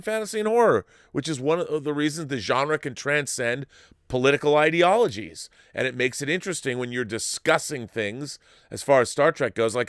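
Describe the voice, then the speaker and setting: A man hosting a live-stream show, reading viewer messages and riffing on them in a rambling, animated way with frequent restarts. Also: on the high side, no room sound, clean studio sound. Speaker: show host reading viewer super chats. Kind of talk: casual live-stream commentary.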